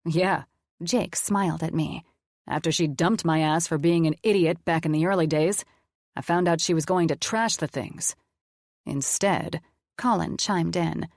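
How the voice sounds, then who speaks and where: A woman narrates a first-person audiobook in a candid, conversational, blunt way, at a measured pace. Her voice is low with a darkish tone, and the recording is very dry and close with no echo.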